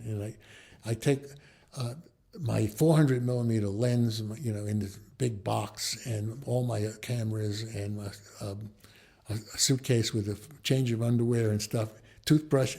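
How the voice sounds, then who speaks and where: An older man from the Bronx, telling anecdotes in a conversation and acting out the dialogue of the people in them. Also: medium pitch. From the Bronx, New York. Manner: animated storyteller who acts out quoted dialogue. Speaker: interviewee, photojournalist.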